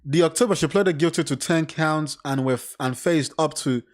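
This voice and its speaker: Commenting on a crime case, this man speaks at a normal pace in a somewhat high voice, alternating between reading passages and swearing bluntly. It's unscripted, loose talk packed with animated asides.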